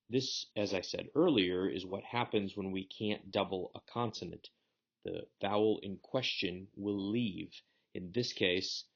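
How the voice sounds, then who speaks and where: A man's voice: sits low, highs cut off. A man giving a recorded lecture as a Hebrew instructor, explaining grammar rules step by step. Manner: methodical, explanatory teaching.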